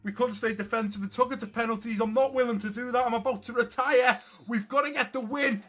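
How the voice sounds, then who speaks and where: A man playing a football video game and commentating on it for his viewers, excitable and quick to shout at the play. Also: very high voice, faint music behind. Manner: talks to viewers as guys and lads. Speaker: gaming YouTuber.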